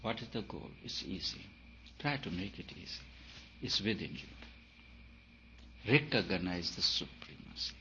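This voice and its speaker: In a spiritual talk, a male teacher with a low-sitting voice speaks emphatically and a little slowly, posing rhetorical questions with lively intonation and frequent pauses. His volume swings between loud and soft. The lo-fi recording sounds dull, with a faint hiss underneath.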